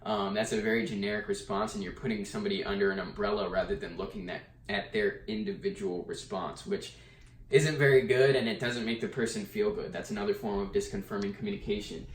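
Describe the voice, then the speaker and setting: A man's voice: on the low side, fairly even intonation, a little fast. Man explaining a chapter in an echoey room. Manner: casual, with fillers and restarts. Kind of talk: chapter summary lecture. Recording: echoey room, mic at a distance.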